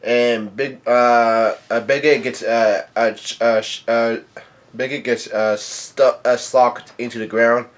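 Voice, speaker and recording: Man, mid-pitched voice, casual online recap, halting delivery, stalls and restarts. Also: flat delivery. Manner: halting, hesitant reading with frequent stalls. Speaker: manga reaction YouTuber. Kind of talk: casual chapter recap and commentary.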